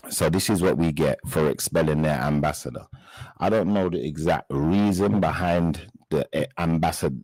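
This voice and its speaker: Speaking directly to viewers in a live chat, a stream host with a very deep, darkish voice sounds indignant and halting, frequently pausing to find words. The audio is dry, close and poor, with hardly any room sound.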